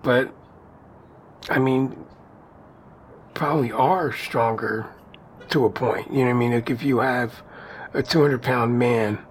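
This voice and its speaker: A man with a mid-pitched voice chatting loosely on a podcast, rambling and often laughing. There is faint hiss behind him. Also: steady tone, a little slow, long pauses. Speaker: podcast co-host. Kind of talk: casual conversation.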